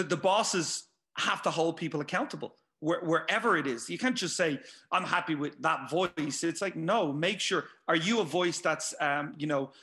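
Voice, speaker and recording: A man's voice: fairly high pitch, a bit bright. A man appearing as a guest pundit, arguing emphatically in casual chat and often repeating words.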